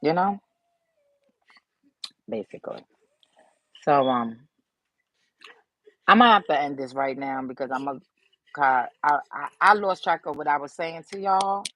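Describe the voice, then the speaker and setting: A vlogger speaks straight to camera in a loose, rambling way, swearing freely and drifting off the point. The voice sits at a middling pitch and sounds subdued and grieving. The recording is dry and close, with little room sound. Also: unhurried, pauses often, sharp tone, no room sound, poor audio. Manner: rambling, loose and profane, loses track of the thought. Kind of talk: casual to-camera vlog talk.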